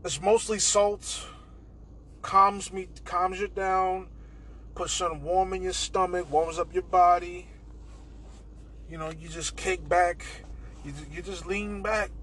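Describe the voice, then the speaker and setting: A man's voice: high-pitched, little pitch movement, slow pace, long pauses, fairly bright tone, a little hiss or hum, low-quality recording. A young man hosting a casual podcast monologue, rambling and swearing and saying "bro" a lot. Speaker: podcast host.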